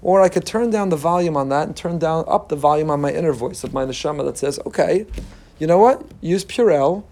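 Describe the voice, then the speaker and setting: A man's voice: quick pace, a little mellow. A man, a rabbi giving an emphatic Torah class, reading Hebrew text aloud and translating it. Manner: emphatic, rises in pitch when making a point.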